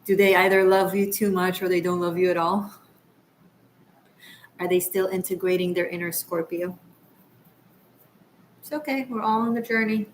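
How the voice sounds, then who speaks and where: A woman's voice: fairly low pitch, fairly even intonation, moderate pace, long pauses, a little hiss or hum, low-quality recording. A woman from Israel hosting a tarot livestream, chatting casually with viewers in a rambling, laughing way. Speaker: tarot reader and livestream host.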